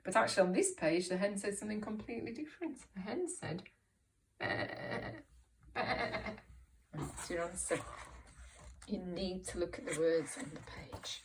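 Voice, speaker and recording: A woman teacher reading a picture book aloud to young children, slow and encouraging, asking them questions. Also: medium pitch, lively intonation, distant mic, a little hiss or hum. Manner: slow, encouraging, asks questions and puts on voices for characters. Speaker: primary school teacher.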